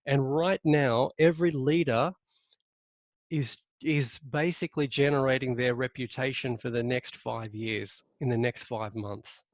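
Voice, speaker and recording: A man presenting a leadership webinar in a coaching manner, stressing key words but often pausing with ums and restarts. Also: medium pitch, fairly even intonation, no echo.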